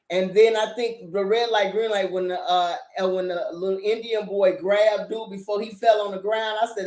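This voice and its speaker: In a medium-pitched voice, a middle-aged woman rants about a drama she's reviewing for her vlog. She's sassy and profane, tossing in laughing asides throughout this animated, casual talk, and the audio sounds roomy.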